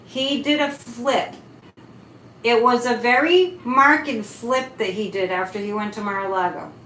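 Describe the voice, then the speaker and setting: A woman's voice: on the high side, unhurried, bright, forceful tone. A woman hosting a psychic live stream, chatting casually and animatedly, answering chat comments as she goes. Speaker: psychic livestream host. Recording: echoey room with faint noise.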